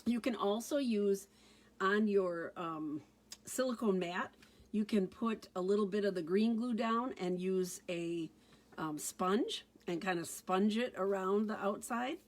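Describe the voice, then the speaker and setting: A woman's voice: medium pitch, unhurried. A woman giving a casual card-making tutorial, chatting through each step as she works.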